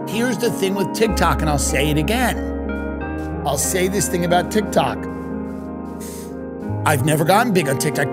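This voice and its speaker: A male comedian rambles through an absurd, profane monologue in a slightly high voice. His riffs run on loosely, and steady music plays beneath him. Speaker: comedy podcast host.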